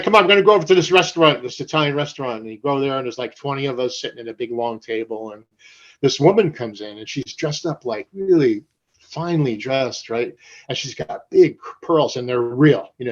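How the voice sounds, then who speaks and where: An older man, a tattoo artist guest, telling anecdotes in casual conversation, swearing freely and acting out the people in his stories. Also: medium pitch. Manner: animated raconteur, swears freely, acts out voices in anecdotes. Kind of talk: casual storytelling interview. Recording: dull lo-fi recording.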